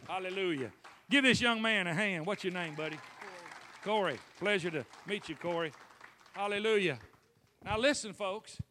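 A man preaching a lively sermon, calling out to the congregation and acting out scripture scenes. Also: high-pitched, normal speed, long pauses, some chatter behind. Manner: animated, calls for responses, acts out scenes.

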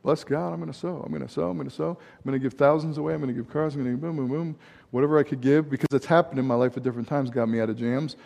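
A man preaching a sermon in a rambling, animated way, breaking off into asides and laughing at himself. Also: medium pitch, very fast, gravelly. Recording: hall reverb.

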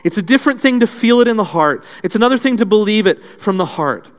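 A male pastor delivering a sermon, dramatic, dropping low and soft and then building up again. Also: lively intonation, quick pace. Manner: dramatic preaching with swings from soft to loud.

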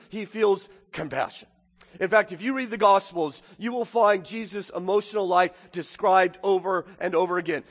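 A man delivers a sermon in a notably high voice. He moves from quiet, reflective passages to loud, emphatic preaching. The sound rings with the long reverb of a church sanctuary. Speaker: pastor.

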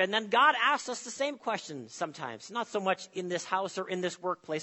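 Bright-voiced pastor preaching in a hall. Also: male voice, high voice, animated. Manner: emphatic, with dramatic pauses and sudden drops to soft. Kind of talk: sermon.

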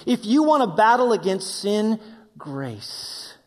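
High-voiced pastor preaching in a hall. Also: male voice, moderate pace. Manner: preaching with questions voiced for the listeners, ends in prayer. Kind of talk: sermon. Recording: long reverb of a hall.

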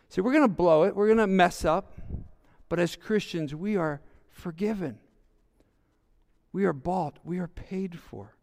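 A man's voice: sits high, measured pace, long pauses, a little mellow. A male pastor preaching a sermon, repeating words for emphasis and reading scripture aloud.

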